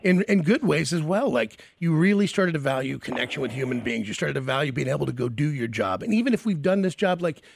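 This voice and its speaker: A man's voice: fairly high pitch, expressive, quick pace, creaky, hardly any pauses, slight background noise. A man hosting a radio interview, enthusiastic and rambling, repeating words as he talks.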